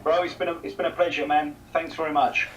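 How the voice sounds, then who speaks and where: A man's voice: on the high side, level tone, quick pace, recorded from a distance, low-quality recording. Chatty South East English man, off-mic. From South East England. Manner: chatty, repeats his words as he talks. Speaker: guest. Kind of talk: casual chat.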